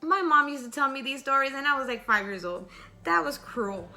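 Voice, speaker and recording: A middle-aged woman telling a scary story in a chatty, lively way, stopping to ask rhetorical questions. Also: high-pitched, brisk, soft background music.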